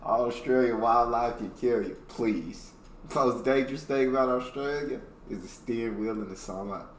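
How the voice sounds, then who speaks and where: A man from the United States hosting a reaction video in a laid-back, slangy chat, laughing loudly. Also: mid-range voice, moderate pace, echoey room, distant mic. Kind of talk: casual chat.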